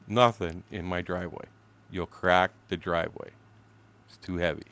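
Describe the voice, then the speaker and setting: A Canadian man in his sixties spins a story between game moments, swearing freely and laughing at his own lines. His voice sits low but leaps around with lively pitch swings. The sound is dry and close, with no room echo. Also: normal speed. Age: 60s. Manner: profane, blunt, laughing storyteller. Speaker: streamer telling a story. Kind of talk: casual storytelling chat.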